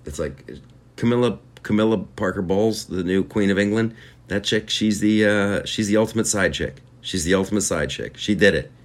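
A man's voice: on the low side, normal speed. A man hosting a comedy podcast, ranting in a crude, rambling and mocking way.

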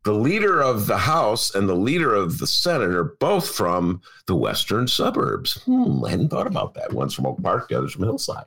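An older man from Chicago hosting a casual political talk show, rambling, laughing often and breaking into loud outbursts. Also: lowish voice, wildly swooping pitch, moderate pace, creaky, hardly any pauses. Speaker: podcast host.

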